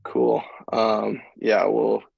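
A man's voice: on the low side, expressive, extremely slow, creaky, breathy edge, no room sound, muffled recording. A man hosting a webinar in an easygoing, agreeable way, with many "like"s and "you know"s. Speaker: webinar host.

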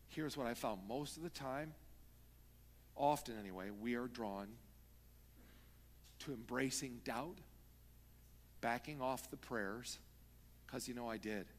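A man preaching a sermon as pastor, moving from hushed talk to loud pleading. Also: medium pitch, fairly quick. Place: church sanctuary. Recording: long reverb of a church hall.

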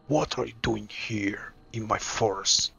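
Male performer as a gruff forest ogre, gravelly and unhurried. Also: fairly low pitch, sharp tone, full character voice. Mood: threatening. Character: big gruff territorial ogre.

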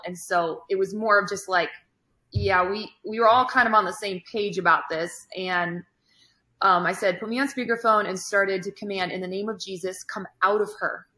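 Bright-voiced woman host, echoey room. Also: mid-range voice, steady tone, moderate pace. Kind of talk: casual interview chat. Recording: roomy echo.

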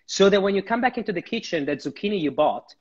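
A man's voice: high-pitched, expressive, quick pace, a little mellow. A man chef chatting animatedly during a live cooking demo, often repeating his words. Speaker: guest chef. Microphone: livestream. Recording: dull lo-fi livestream audio.

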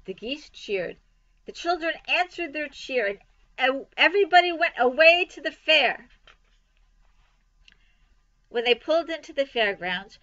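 Bright-voiced woman reading a children's book aloud. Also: a little high. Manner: expressive read-aloud. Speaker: library storytime reader. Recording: dull lo-fi recording.

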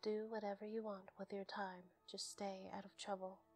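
A woman in whispered role-play, voicing a stern, terse ancient male fae lord who speaks low and clipped. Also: level tone, moderate pace, a little mellow, soft background music. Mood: curt.

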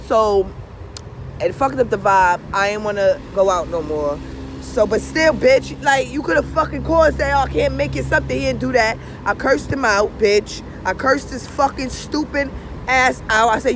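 A woman's voice: mid-range voice, noisy background. Profane, fired-up woman vlogger ranting outdoors. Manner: animated, profane ranting with frequent "you understand?". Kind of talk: casual monologue to viewers.

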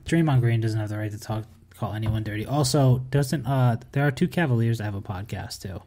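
A man with a warm, relaxed voice co-hosts a casual podcast. He explains topics at length, dropping fillers and the odd dry joke. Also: on the low side, fairly quick. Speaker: podcast co-host.

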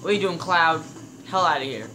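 A young man casually commenting on his game, excitable and swearing, talking to his in-game companions. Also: on the high side, background noise. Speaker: gameplay commentator. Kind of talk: casual let's-play commentary. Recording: game music loud behind voice.

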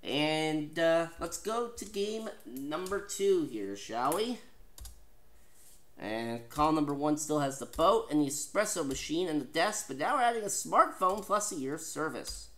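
A man from Canada hosting a home-made game show, reading questions and prizes in a lively, chatty, jokey way. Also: on the high side, unhurried.

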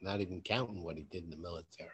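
Deep-voiced with a breathy edge, this podcast host talks rapid-fire through a story laced with casual swearing. He's animated, acting out both sides of the conversation and raising his voice for the quoted dialogue.

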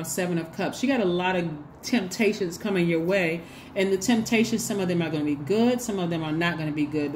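Chatty woman reading tarot, lowish voice. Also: darkish tone, slight background noise. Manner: chatty, repetitive, acts out quoted dialogue. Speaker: tarot reader. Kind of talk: casual tarot reading to viewers.

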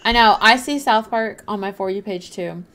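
A woman's voice: medium pitch, moderate pace, fairly bright tone. A young woman livestreaming a game, chatting casually and apologetically while reading and thanking her chat. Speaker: livestreaming gamer.

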